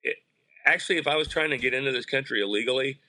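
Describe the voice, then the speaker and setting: A man talking through his views in an easygoing podcast chat. His voice is strikingly bright and sharp. He presses his points emphatically, often restarting mid-sentence. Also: mid-range voice, very fast. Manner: opinionated, emphatic, frequent restarts.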